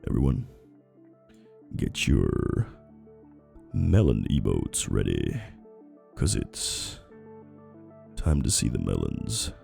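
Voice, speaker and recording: A man voicing a groggy, deep-voiced announcer with a crackly, gravelly morning voice and a slow, dramatic build-up. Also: huge pitch swings, dark tone, faint music behind, full character voice.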